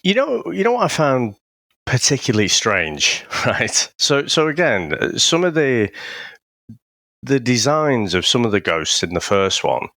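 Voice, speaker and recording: Animated English man chatting casually. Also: fairly low pitch, no room sound, studio quality. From England. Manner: swears freely and laughs often. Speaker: podcast co-host. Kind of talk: casual chat.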